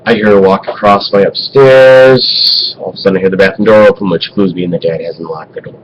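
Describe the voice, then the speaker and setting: A man telling an embarrassing personal story to camera in an animated, profane way, swinging between loud and hushed. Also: deep voice, fairly quick, highs cut off, background noise. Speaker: vlogger.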